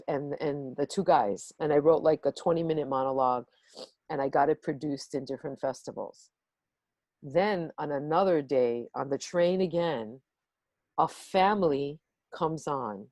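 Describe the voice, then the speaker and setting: A woman telling a personal story to a workshop on a video call, animated and acting out the voices in it. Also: low voice, dry recording. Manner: animated, acts out the voices in her stories. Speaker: workshop guest speaker.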